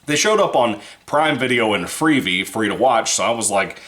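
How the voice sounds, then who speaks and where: A man's voice: medium pitch, animated, normal speed, few pauses, fairly bright tone. A man giving a casual, rambling movie review, swearing freely and laughing between points. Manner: rambling, profane, laughs often.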